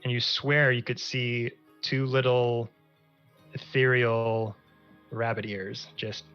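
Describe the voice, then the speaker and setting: A man's voice: medium pitch, level tone, slow pace, fairly bright tone, clean tone, dull audio, faint music behind. A man narrating as game master in a casual, descriptive way.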